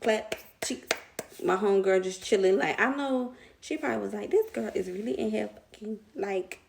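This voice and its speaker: Chatty young woman, gravelly voice. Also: medium pitch, normal speed. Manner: chatty, slangy, laughs often, addresses viewers as y'all. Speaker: vlogger telling a story. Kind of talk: casual storytime.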